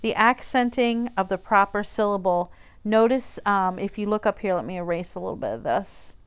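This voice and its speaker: Woman teacher, clear smooth voice, easygoing recorded lesson, chatty explaining. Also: mid-range voice, normal speed. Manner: relaxed, conversational explaining with frequent fillers. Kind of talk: recorded online lesson walking through a textbook page.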